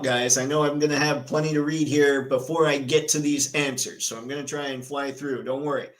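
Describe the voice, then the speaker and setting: A man hosting a casual live stream, chatty and excitable, reading viewer comments and news aloud. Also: medium pitch, poor audio. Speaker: livestream host.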